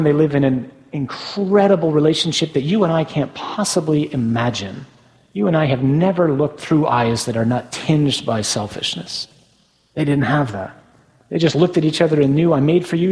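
A man's voice: fairly high pitch, big-room sound, rough recording. A man, a Catholic priest, preaching a sermon in a conversational way with tag questions.

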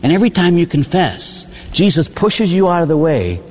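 An older priest from Pittsburgh, USA, preaches a sermon as folksy storytelling, tossing in "huh?" and acting out voices. His voice is a little high and slightly mellow, swinging widely in pitch at normal speed. A long reverb tail and faint hiss or hum are audible.

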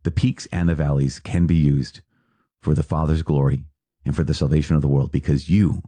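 A man, a priest, giving an earnest sermon-style reflection on a podcast with lively asides. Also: extremely low pitch, fairly quick, dry recording.

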